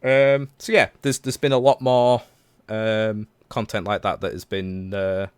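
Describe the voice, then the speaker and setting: A man's voice: lowish voice, flat delivery, measured pace, smooth, no echo. A man in his thirties hosting a casual livestreamed podcast, talking in a rambling, chatty way full of self-corrections. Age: 30s. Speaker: podcast host.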